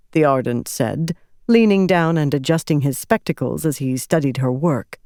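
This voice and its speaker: Lady reading a fantasy audiobook, kinda low voice, super dry studio sound. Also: measured pace, a little mellow, dry recording. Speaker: audiobook narrator. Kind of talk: scripted narration.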